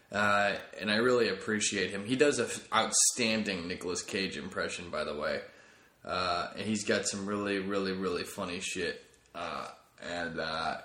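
A man's voice: lowish voice, sharp tone, roomy sound. A man hosting his own comedy podcast, rambling and correcting himself as he jokes along. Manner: rambling, self-correcting, jokey. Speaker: podcast host.

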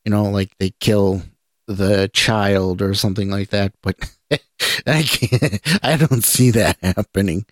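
A man hosting a geek news podcast, talking in a relaxed, rambling way with restarts. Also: fairly low pitch, unhurried, dry recording, studio quality. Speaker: podcast host. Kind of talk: casual news roundup.

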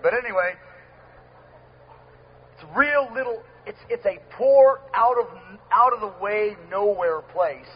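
A male preacher with a fairly high voice delivers an emphatic sermon and repeats his lines. He swings from loud to soft. The recording is dull and lo-fi, with a faint hum underneath. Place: gathering hall with sound system.

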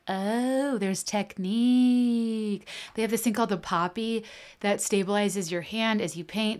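A woman hosting a podcast, chatty and self-deprecating, reading an ad in her own casual way. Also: mid-range voice. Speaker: podcast host. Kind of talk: podcast chat and host-read ad.

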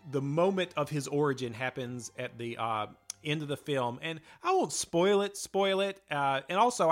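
A man's voice: mid-range voice, a bit bright. Enthusiastic man co-hosting a chat show. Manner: enthusiastic, rambling with fillers. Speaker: podcast co-host. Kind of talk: casual chat.

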